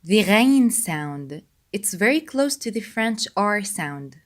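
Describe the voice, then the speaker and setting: Very slow woman teaching pronunciation. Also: medium pitch, lively intonation. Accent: Egyptian Arabic. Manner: slow, careful, repeating each sound. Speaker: Arabic teacher.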